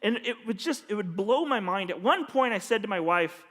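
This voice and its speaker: A man preaching as a pastor, telling a personal story earnestly and dropping to a hushed voice when he quotes others. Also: high voice, lively intonation, moderate pace. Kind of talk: storytelling sermon. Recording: long hall reverb.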